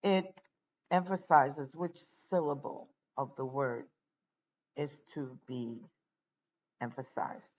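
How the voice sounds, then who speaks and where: A teacher giving a slow, deliberate spoken lesson, pausing often between phrases. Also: medium pitch, darkish tone, lo-fi sound.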